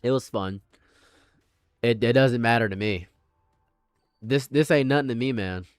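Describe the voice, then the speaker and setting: A man rants on a livestream in a blunt, sarcastic way, circling back to say the same point again and again. His voice sits at an ordinary middle pitch for a man. The sound is close and dry, with no room echo. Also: a little slow, smooth, soft background music. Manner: repetitive, restates his points over and over; blunt and sarcastic, swears freely. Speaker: streamer. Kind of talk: livestream commentary rant.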